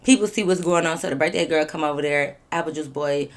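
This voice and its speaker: A woman telling a storytime vlog to her viewers in a blunt, animated way, swearing freely and repeating phrases for emphasis. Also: sits low, fast. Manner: talks straight to viewers, asking them questions.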